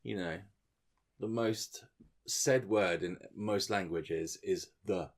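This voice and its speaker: A man's voice: low-pitched, slow pace. A man co-hosting a podcast, joking and teasing his friends in casual chat. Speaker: podcast co-host.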